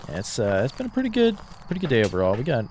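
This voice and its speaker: Male game streamer, thinks aloud with fillers, lively pitch over faint noise. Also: rapid-fire. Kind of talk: casual gameplay commentary.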